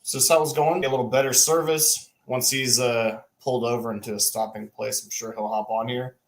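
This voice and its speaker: A man's voice: mid-range voice, fairly even intonation, brisk. A man co-hosts a live fishing show from his home. His talk is loose and slangy as he greets viewers one after another by name over a computer mic. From Texas. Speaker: podcast co-host. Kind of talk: casual livestream chat. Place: home room.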